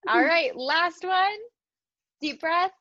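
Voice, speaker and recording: A woman's voice: very high-pitched, takes it slowly, no echo. Encouraging woman clinician on a dull call. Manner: encouraging, gentle coaching. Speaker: student speech-language clinician. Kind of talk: clinical exam instructions.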